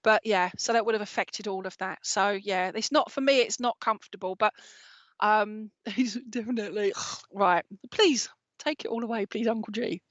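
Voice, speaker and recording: A woman's voice: mid-range voice, normal speed, no room sound. A woman giving a live mediumship reading from home, talking in a chatty way and checking in with "all right?" after nearly every phrase. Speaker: psychic medium. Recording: dull lo-fi stream audio.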